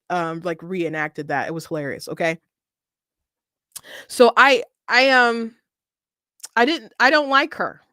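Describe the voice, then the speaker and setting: A woman's voice: fairly high pitch, pushed and bright, no echo, clean studio sound. A woman hosting a casual political commentary monologue, opinionated, laughing often and restarting her sentences, with slight hiccups.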